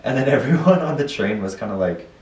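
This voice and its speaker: A man's voice: medium pitch, fast talker. Young man telling stories, roomy sound. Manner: animated storytelling with laughs. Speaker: podcast co-host. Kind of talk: casual chat. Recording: roomy, distant mic.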